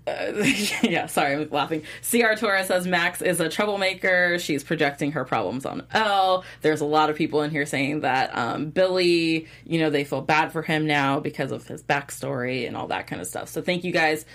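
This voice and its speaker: Deep-voiced woman reading live chat. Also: normal speed, few pauses, a bit bright. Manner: reads viewer comments, thanks viewers. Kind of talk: casual live-stream chat.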